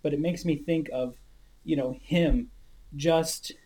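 A man in casual conversation about faith, speaking thoughtfully with halting pauses and fillers. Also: on the high side, steady tone, warm tone.

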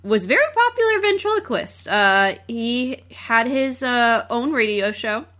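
A woman co-hosting a casual movie chat, explaining background facts in a halting way with many pauses and fillers. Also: a little high, lively intonation, a bit bright. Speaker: podcast co-host.

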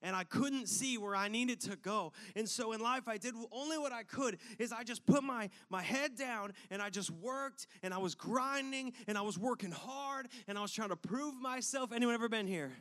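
A man telling a personal story to a live audience in a sermon-style talk, animated and conversational with loose filler words. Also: extremely high pitch, moderate pace, hardly any pauses. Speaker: speaker addressing an audience.

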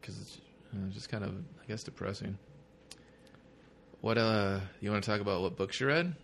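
A man's voice: lowish voice, normal speed, fairly bright tone, a little hiss or hum. A man co-hosting a comics podcast in loose, profane casual chat, often acting out quoted voices. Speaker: podcast co-host.

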